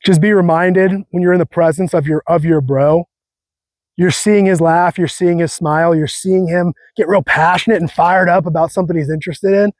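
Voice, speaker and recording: A man's voice: sits high, fairly even intonation, moderate pace, darkish tone, dry recording. Earnest fired-up young man, dry sound. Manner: earnest, fired-up, slangy, repeats phrases. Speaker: host. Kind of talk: casual faith talk to viewers.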